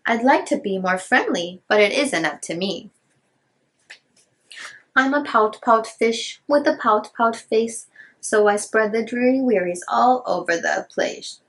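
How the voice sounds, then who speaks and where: A woman's voice: mid-range voice, animated, moderate pace, hardly any pauses, a bit bright, close to an everyday voice. A woman voicing a glum, gloomy male fish in a storybook, chanting his mopey rhyme with pouty blubs.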